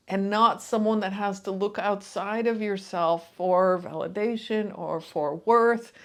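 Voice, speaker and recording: A woman coach giving a calm, soothing talk straight to her viewers, guiding them through breathing and grounding. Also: medium pitch. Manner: soft, soothing, unhurried delivery. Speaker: intuitive and transformational coach. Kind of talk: calm guided talk to camera.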